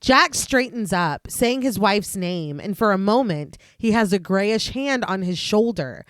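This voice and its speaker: A woman's voice: mid-range voice, measured pace, no room sound. Woman recapping a film plot, dry close mic. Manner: steady, detailed plot narration. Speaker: podcast co-host.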